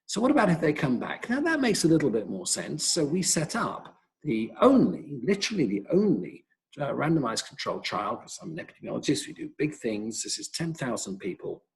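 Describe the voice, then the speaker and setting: A middle-aged man with a British accent, an epidemiologist giving a webinar talk and telling wry, lively anecdotes. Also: mid-range voice, creaky, low-quality recording. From Britain. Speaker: professor, epidemiologist.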